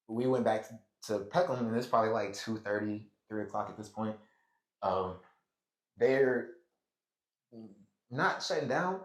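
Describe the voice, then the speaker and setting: Slangy, rambling American man in an echoey room. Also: medium pitch. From United States. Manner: rambling and slangy, laughs often. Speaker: podcast host. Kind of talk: casual storytelling.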